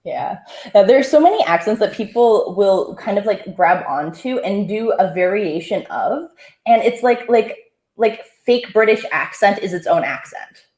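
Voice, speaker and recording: Woman host, mid pitch, giggly filler-heavy chat, roomy echo. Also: animated, measured pace, darkish tone. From Southern Ontario, Canada. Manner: chatty, giggly, many likes and fillers. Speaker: comedian host. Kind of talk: casual interview chat.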